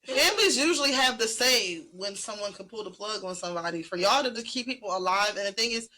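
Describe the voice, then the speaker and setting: A woman's voice: mid-range voice, expressive, fast, pushed and bright, poor audio. A woman with a Philadelphia accent co-hosting a podcast, blunt and outspoken with profane asides. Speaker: podcast co-host. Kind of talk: casual chat.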